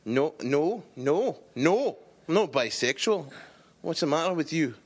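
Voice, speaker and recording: A man's voice: on the high side, expressive, a little slow, husky. A man doing a teasing Scottish voice as his Glaswegian cousin, laughing as he jokes. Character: cheeky Glaswegian man, Friends-loving cousin.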